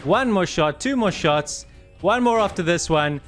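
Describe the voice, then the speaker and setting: A man casting a video game match with animated commentary, urging the players on and out of breath. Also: high voice, a little slow, soft background music. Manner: animated, urges players on, laughs in disbelief. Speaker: game caster. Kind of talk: excited esports commentary.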